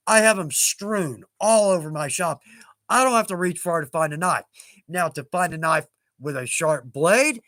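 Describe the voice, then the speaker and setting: A man's voice: high voice, a bit bright, no room sound, studio quality. A man in his fifties hosting a casual livestream, chatting in a rambling, self-mocking way and chuckling at himself. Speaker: livestream host.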